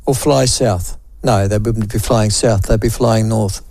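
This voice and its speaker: A man's voice: on the low side, steady tone, a little slow, dark tone, dry recording. A man with a New Zealand accent hosting talkback radio, chatting wryly and reading out listener messages. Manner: chatty, wry, self-deprecating asides.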